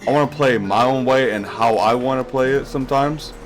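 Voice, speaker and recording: A man's voice: mid-range voice, a little fast. A young man streaming a game live, rambling casually and answering questions from his chat as he plays.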